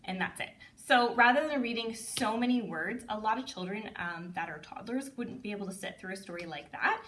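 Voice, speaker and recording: A communicative disorders assistant gives a chatty instructional demonstration, sometimes slipping into playful sing-song read-aloud voices, with frequent "um"s and light laughs. Her medium-pitched voice is animated, a little fast and fairly bright, over slight background noise.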